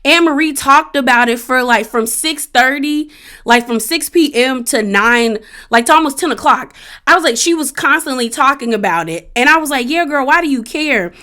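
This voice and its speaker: A woman talks through a reality show episode in a relaxed, slangy way and laughs freely as she goes. Her voice sits a little high and rings bright and forceful. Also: normal speed. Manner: chatty, animated, laughs often; casual slangy speech. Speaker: reality TV recap vlogger. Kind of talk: casual commentary.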